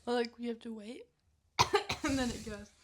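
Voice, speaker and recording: A woman's voice: fairly high pitch, steady tone, normal speed, a little mellow, a little hiss or hum. A young woman co-hosting a casual family podcast, chatty and hesitant, with many fillers. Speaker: podcast co-host.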